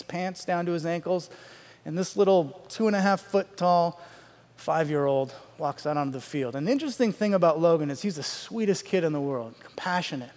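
A high-voiced middle-aged man spins a comic story on stage, building to loud outbursts and then dropping to quiet asides. His voice carries a long reverb from a large hall. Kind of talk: stand-up storytelling.

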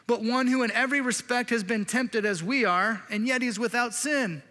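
A man delivers a conversational sermon with a high, bright, forceful voice. He preaches in an animated way, dropping playful asides to his listeners. His voice rings out in a big reverberant church hall. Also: normal speed. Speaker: pastor.

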